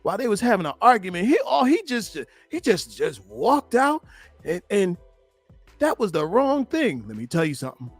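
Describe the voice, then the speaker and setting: A man who is a relationship coach and host, giving animated live-stream commentary on video clips and repeating himself as he urges viewers to like. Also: high-pitched, moderate pace, no room sound, faint music behind.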